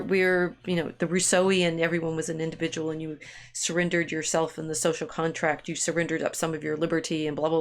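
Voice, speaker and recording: A woman with a somewhat low voice co-hosts a relaxed discussion podcast. She thinks aloud, restarting sentences and hedging as she works toward her point. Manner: rambling, frequent restarts and hedges, laughs easily. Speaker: podcast co-host. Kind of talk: casual conversational discussion.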